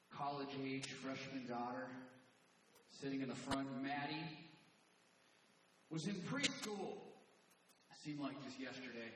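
A man in his forties preaching a sermon in a lively, conversational way to his congregation. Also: fairly high pitch, slight background noise. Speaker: pastor. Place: church sanctuary. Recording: echoey hall from far off.

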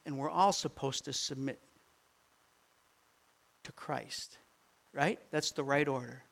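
An older man, a grandfather, preaching a sermon with animated swings from quiet asides to near-shouted peaks. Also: medium pitch, slow, creaky. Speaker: pastor.

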